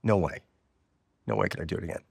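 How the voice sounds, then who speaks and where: A man's voice: low-pitched, quick pace, gravelly, breathy edge, no echo, clean studio sound, long reverb tail. A middle-aged man speaking as an interview guest, reflective and candid in a casual conversation. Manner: reflective, candid, affirming with short yeses. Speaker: guest, software company founder.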